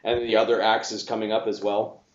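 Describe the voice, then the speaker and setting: A man narrating as game master of a tabletop game at a table with players, pausing often with ums and restarts. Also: lowish voice, little pitch movement, reverberant, lo-fi sound. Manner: halting, frequent restarts and ums. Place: room with several players around a table.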